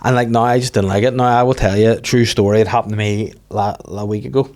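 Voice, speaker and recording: A man with a Northern Irish accent, a stand-up comedian telling profane, animated stories in casual podcast chat. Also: lowish voice. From Northern Ireland. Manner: rapid, profane, animated anecdotes.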